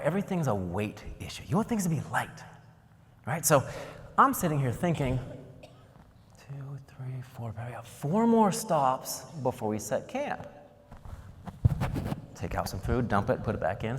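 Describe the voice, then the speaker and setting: A man from Ohio tells stories from the stage of a keynote, joking and acting out each scene. His pitch swings up and down a lot as he talks. His voice rings with the long reverb of a large conference hall. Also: fairly bright tone. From Ohio, United States. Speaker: keynote speaker. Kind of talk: storytelling keynote speech.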